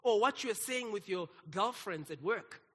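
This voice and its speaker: A man's voice: sits high, expressive, moderate pace, bright, forceful tone, husky, big-room sound. A man, preaching a sermon and calling out to his congregation. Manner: exclaims and calls out to the congregation. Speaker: pastor.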